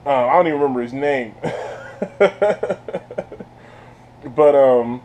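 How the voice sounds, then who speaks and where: A man giving a casual spoiler review of a TV series. He laughs often, talks in slang and sounds animated. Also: mid-range voice, slow, pauses often, a little hiss or hum. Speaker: TV show reviewer.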